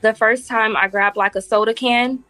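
A woman's voice: on the high side, steady tone, normal speed, sharp tone, no echo. A woman guest in a casual chat, easygoing and using lots of fillers. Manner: easygoing, laughs often, filler-heavy.

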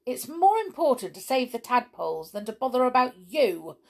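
A sensible clown toy who lectures the others, read by a woman. His voice is firm, measured and a touch raised, the voice of the one in charge. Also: a little high, big pitch swings, creaky, voice pushed up, heavily acted. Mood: stern.

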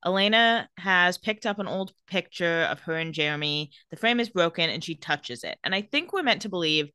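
A woman's voice: on the low side, normal speed, clear, resonant tone, no echo, clean studio sound. A young woman co-hosting a casual recap podcast, laughing often and acting out characters' lines. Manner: lively, laughs often, acts out quotes. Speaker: podcast co-host.

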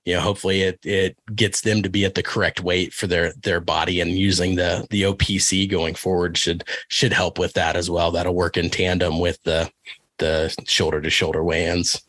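A wrestling coach from Kansas, USA, appears as a podcast guest, speaking earnestly in a casual interview with lots of fillers and restarts. His voice is deep and a bit bright, with little pitch movement and a moderate pace.

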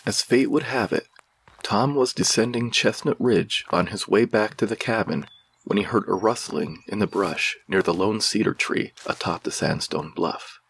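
A man narrating a regional ghost legend in a measured, somber storytelling style. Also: fairly low pitch, vocal fry, fairly bright tone, husky.

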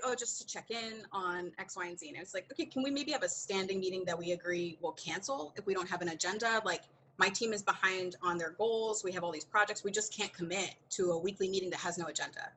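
A woman's voice: fairly low pitch, fast, hardly any pauses, slight background noise, rough recording. A woman as a podcast guest, telling a candid story with lots of acted-out dialogue and frequent laughter. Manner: animated, acts out quoted dialogue, laughs often.

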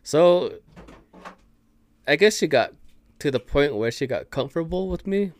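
A man's voice: a little high, expressive, a little slow, dry recording. A man guest on a podcast, telling a story in loose, profane slang and laughing as he goes. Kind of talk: casual storytelling chat.

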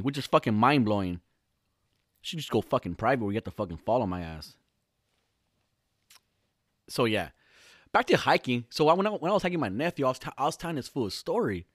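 A man spins a comic story for his podcast, cursing constantly and doubling back on himself as he talks. His voice sits in an ordinary middle pitch. It is recorded close and dry, with no room echo. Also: sing-song, quick pace, long pauses, fairly bright tone, husky. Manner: rambling, heavy swearing, frequent restarts. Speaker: podcast host. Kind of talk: casual comedic storytelling. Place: lives in Southern California.

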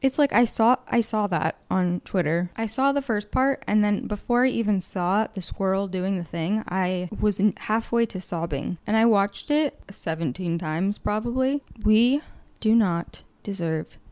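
A woman's voice: medium pitch, a little slow, a little mellow. A woman in her late twenties hosting a solo podcast, rambling candidly through a list of topics with frequent swearing and tangents. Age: late 20s. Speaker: podcast host. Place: indoors, seated on a low chair.

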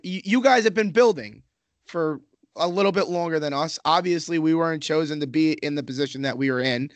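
A man's voice: a little high, no echo. A man talking hockey as a fan, rambling and swearing, with many restarts and fillers. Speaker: Islanders fan in a hockey podcast discussion. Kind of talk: casual hockey chat.

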